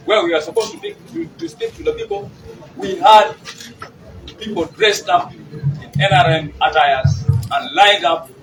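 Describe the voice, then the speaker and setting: A man's voice: high-pitched, big pitch swings, measured pace, a bit bright. A man with a Ugandan English accent, a party regional chairman speaking emphatically at a press conference. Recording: distant mic, noisy outdoor ambience.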